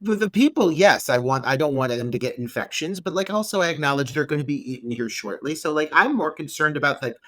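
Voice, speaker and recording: Bright, lively man joking about a film. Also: fairly high pitch, fast, few pauses. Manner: blunt, joking, swears, laughs often. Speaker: podcast co-host. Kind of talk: casual movie review chat.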